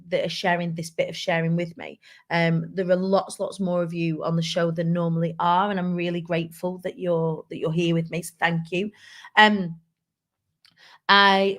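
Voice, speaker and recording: A woman hosting a live show, talking candidly and chattily to viewers and reading out their comments. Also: lowish voice. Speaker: live show host and speaker. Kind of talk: casual live-stream talk.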